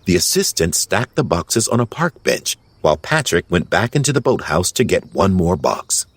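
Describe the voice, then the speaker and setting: A man narrating an audiobook fairy tale in a measured storytelling voice. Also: low voice. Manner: slow, lively storytelling.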